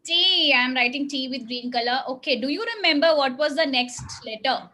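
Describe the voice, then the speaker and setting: A woman's voice: high-pitched, normal speed, sharp tone, low-quality recording. A woman teacher, leading young children through a spelling lesson in a patient, coaxing way. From India. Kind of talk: classroom phonics lesson with children.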